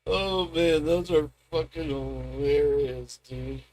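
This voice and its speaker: A man's voice: a little high, slow, a little hiss or hum, low-quality recording. A man hosting a livestream, chatting casually and rambling while he searches for clips. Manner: rambling, relaxed, talks to chat. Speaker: livestream host.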